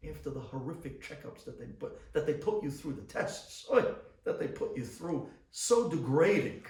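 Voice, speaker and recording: Rabbi guy telling stories, gets loud then quiet, voice kinda high, roomy echo, mic far off. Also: animated, moderate pace, vocal fry. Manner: dramatic storytelling with sudden loud bursts and hushed asides. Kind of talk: inspirational talk.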